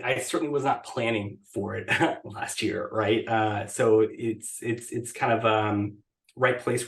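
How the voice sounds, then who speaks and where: A man speaking as a guest over a video call, talking casually with many fillers and restarts. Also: lowish voice. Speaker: podcast guest, blog editor. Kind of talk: casual interview talk.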